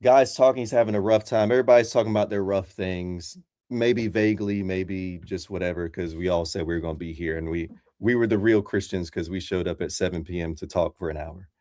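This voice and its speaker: A Christian caller joins a casual debate chat, talking fairly quickly in a low, darkish voice. He rambles and fills his speech with fillers, and the studio-quality recording has no echo.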